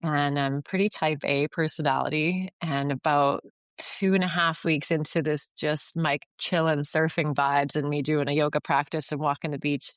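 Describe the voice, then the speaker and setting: Low-voiced chatty woman from Canada. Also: steady tone, normal speed, smooth, no room sound. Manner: chatty, filler-heavy, acts out quoted dialogue. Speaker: podcast guest, yoga retreat founder. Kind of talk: casual storytelling interview.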